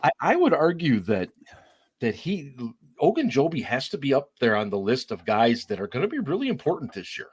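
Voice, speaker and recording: A man's voice: mid-range voice, wildly swooping pitch, a little fast, slightly rough. A man hosting a sports podcast, speaking casually with a hesitant, agreeable manner. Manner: hesitant, stumbling restarts, agreeable. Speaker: podcast host.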